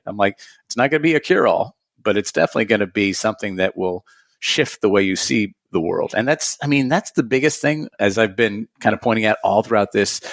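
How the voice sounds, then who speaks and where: Man, lowish voice, earnest, reflective, laughs a lot, meditation teacher, podcast guest, dry close sound. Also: creaky, no room sound. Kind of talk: conversational podcast interview.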